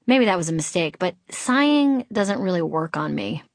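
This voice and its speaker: A woman's voice: lowish voice, very animated, normal speed, no room sound. A middle-aged woman from Boston reading her own memoir aloud, candid and wry with comic timing. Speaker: author narrating her memoir.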